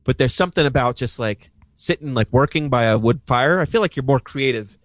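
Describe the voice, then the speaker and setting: A man chats on a podcast from his home basement, talking quickly in halting bursts with plenty of fillers. His pitch is average for a man. The sound is dry and close, without any room echo. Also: lively intonation. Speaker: podcast co-host. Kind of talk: casual chat.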